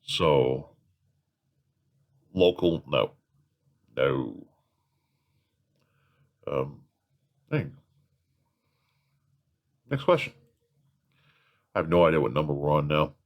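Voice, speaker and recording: A man's voice: very deep voice, expressive, extremely slow, long pauses, dull audio. A man hosting a casual question-and-answer chat, rambling through long explanations with chuckles. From California. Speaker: host.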